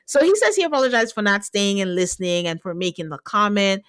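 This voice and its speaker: A woman's voice: mid-range voice, quick pace, clean tone, no room sound, clean studio sound. A woman hosting a casual podcast chat, talking with animation and acting out quotes. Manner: animated, acts out quotes from the show. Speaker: podcast host.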